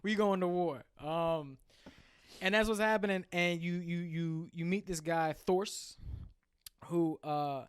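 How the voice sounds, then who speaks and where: A man co-hosting a casual podcast, retelling a story in animated, slang-filled chat. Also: high voice, slow pace, clear, resonant tone. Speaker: podcast co-host.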